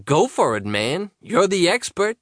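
A man's voice: high-pitched, very animated, a little slow, a bit bright, no room sound, studio quality, pitched above the performer's own voice, heavily acted. An audiobook narrator, a man, voicing a teasing teenage boy best friend in a raised voice. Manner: teasing, blunt.

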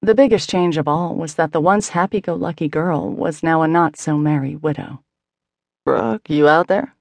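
Woman narrating a novel, slight vocal fry. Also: low voice, steady tone, normal speed, a little mellow, dry recording. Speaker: audiobook narrator. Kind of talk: scripted narration.

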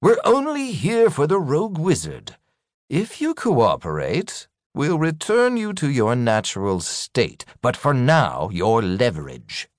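A man's voice: medium pitch, wildly swooping pitch, slow, no room sound, clean studio sound, voice pushed up. An audiobook narrator playing a stern male wizard who gives curt, commanding threats.

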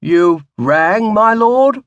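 A man's voice: sits high, animated, extremely slow, fairly bright tone, no room sound, dull audio, voice pushed up, heavily acted. A man voicing a timid, plaintive old male butler who fusses over his master. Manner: plaintive, fussing.

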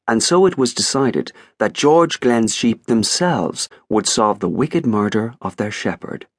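A man narrating an audiobook in an expressive, wry storytelling manner. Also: on the low side, unhurried, few pauses, dry recording, studio quality. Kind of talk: scripted narration.

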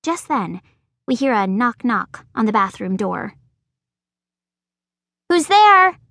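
A woman narrating a children's book in a lively, expressive way. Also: mid-range voice, unhurried, gravelly, dry recording. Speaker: audiobook narrator.

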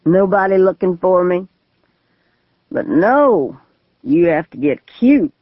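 A woman's voice: on the low side, sing-song, slow pace, no room sound, heavily acted. A woman voicing a drunk, suicidal middle-aged male lawyer with a mocking, drawling manner, on a tinny, phone-like recording. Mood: taunting. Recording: tinny phone-like, dry audio.

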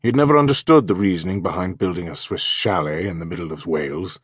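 Man, audiobook narration, measured, husky, low. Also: no room sound. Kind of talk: scripted narration.

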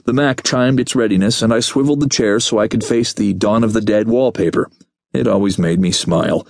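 A man's voice: lowish voice, fairly quick, vocal fry, a little mellow, no echo. A man reading a novel aloud in scripted first-person narration, with a wry, laid-back storytelling manner, on a studio microphone. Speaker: audiobook narrator.

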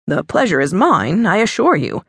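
A woman voicing a courteous, formal young gentleman in an audiobook. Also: lowish voice, very animated, normal speed, vocal fry, breathy edge, dry recording, clean studio sound, full character voice. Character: polite, proper young gentleman.

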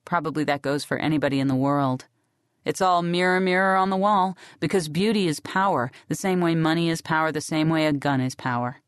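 A woman narrating a novel in the first person in a sardonic, deadpan way. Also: sits low, a little fast, clean tone, dry recording, studio quality. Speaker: audiobook narrator.

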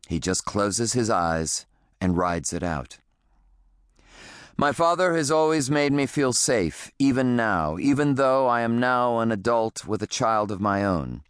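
A man reading an audiobook in the first person, with measured, reflective storytelling. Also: fairly low pitch, no room sound, studio quality. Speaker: audiobook narrator.

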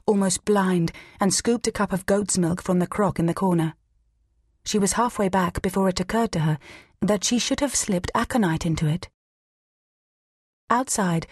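A woman narrating an audiobook in a measured, steady reading. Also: lowish voice, husky, dry recording, studio quality. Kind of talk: scripted narration.

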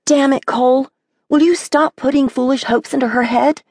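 A woman voicing a blunt, sharp-tongued seventeen-year-old girl in a brisk, scolding manner. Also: mid-range voice, expressive, no room sound, clean studio sound, pitched above the performer's own voice. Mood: exasperated.

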